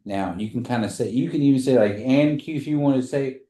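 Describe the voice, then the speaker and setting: A man leads a language class in a patient way, repeating each phrase slowly for his students. His voice sits in a middle pitch. The room around him echoes. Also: dark tone. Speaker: language teacher.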